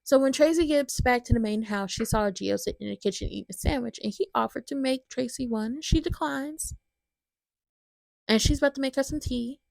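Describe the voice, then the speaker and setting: A woman recaps soap episodes in a chatty, animated way and talks straight to her viewers. Her voice sits fairly high and has a gravelly rasp. The sound is close and dry, with no room echo. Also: brisk. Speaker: soap opera recap host. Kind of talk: casual soap opera recap commentary.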